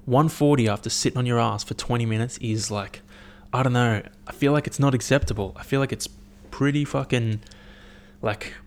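A young man rants casually to his listeners, swearing freely and jumping between stories. His pitch sits in an ordinary middle range, and he rambles with animated bursts. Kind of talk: casual solo rant.

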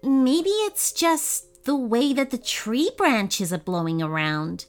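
A woman's voice: on the high side, expressive, takes it slowly, faint music behind. A woman doing a cautious, sensible young boy. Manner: careful, reasoning, protective. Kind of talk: storybook reading.

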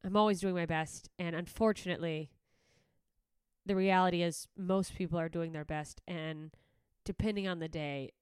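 Woman comedian podcasting solo, sweary rambling rant, self-mocking, smooth clear voice, dry close sound. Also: on the low side, steady tone, normal speed, dry recording. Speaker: podcast host and stand-up comedian.

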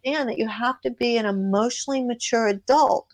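Animated woman giving relationship advice. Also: fairly high pitch, fast. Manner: animated, acts out dialogue in her stories. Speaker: relationship author and guest. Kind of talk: advice-giving podcast conversation.

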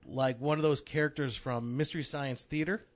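A man's voice: medium pitch, steady tone, moderate pace. A man co-hosting a podcast, teasing his partner with dry humor in casual banter. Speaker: podcast co-host.

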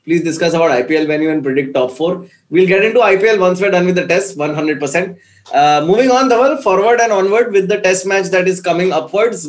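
A man's voice: high voice, expressive, brisk. Joking man hosting a cricket podcast. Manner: jokey, mixes Hindi into English, reads viewer messages. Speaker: podcast host. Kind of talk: casual cricket chat.

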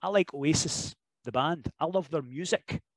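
Animated Scottish man, dry close sound. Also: on the high side, moderate pace, no room sound, low-quality recording. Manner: animated, jokey storyteller who slips into impressions and laughs. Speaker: professional wrestler guest. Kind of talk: casual podcast interview chat.

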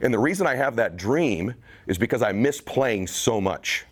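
A man's voice: medium pitch, lively intonation, moderate pace. A man in his forties from the United States giving an intense motivational speech to a college team, building to emphatic urging. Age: 40s. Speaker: motivational speaker.

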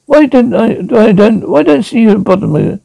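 A man's voice: high-pitched, animated, quick pace, creaky, warm tone, no echo, voice pushed up, full character voice. A man raising his voice as Zaphod, panicky. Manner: panicky, stammering. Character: frightened, brash adult male space adventurer.

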